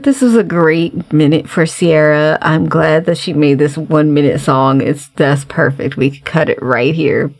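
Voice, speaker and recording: A young adult woman giving casual reaction commentary on a music video, blunt and animated, swearing freely. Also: low-pitched, unhurried, hardly any pauses. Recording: faint music behind her voice.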